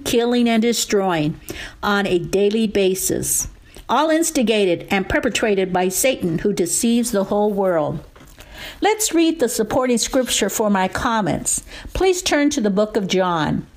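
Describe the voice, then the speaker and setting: A woman preacher, slowly reading scripture and teaching in a weekly Bible message. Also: a little high. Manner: slow, deliberate scripture reading. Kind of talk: radio Bible teaching sermon.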